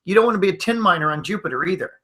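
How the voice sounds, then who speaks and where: A middle-aged man leads a hypnosis training webinar in a bright, forceful voice that sits a little high. He teaches through stories and slips into the voices of the people he quotes. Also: racing. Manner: animated storyteller acting out quoted voices.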